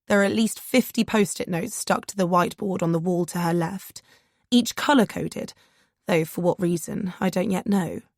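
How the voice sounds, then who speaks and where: A woman's voice: fairly low pitch, normal speed, no room sound, clean studio sound. A woman narrating a first-person audiobook in a nervous, self-deprecating voice.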